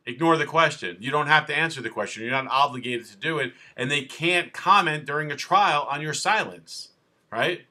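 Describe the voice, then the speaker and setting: A male defense attorney talks off the cuff with a bright, forceful voice. He stays animated and sarcastic as he explains his advice. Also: fairly high pitch, normal speed. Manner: animated and sarcastic, mimics police officers. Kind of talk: off-the-cuff legal talk to camera.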